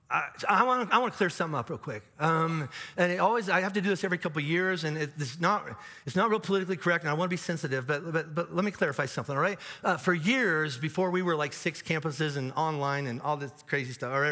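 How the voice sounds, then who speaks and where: A man preaching a sermon as pastor, in a conversational, animated way with frequent restarts and asides. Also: fairly high pitch. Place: large church auditorium. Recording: long hall reverb from live church.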